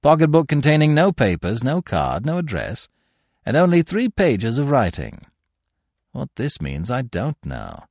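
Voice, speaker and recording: A man's voice: medium pitch, wildly swooping pitch, measured pace, a little mellow, dry recording, studio quality, voice pushed up, exaggerated voice. A man playing a stern police sergeant. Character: brisk male police sergeant, dry and stern.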